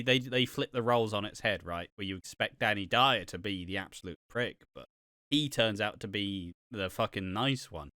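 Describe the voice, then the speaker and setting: A man's voice: mid-range voice, sharp tone, clear, resonant tone, no room sound, studio quality. A man co-hosting a podcast in casual chat, candid and offhand with frequent swearing. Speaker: podcast co-host.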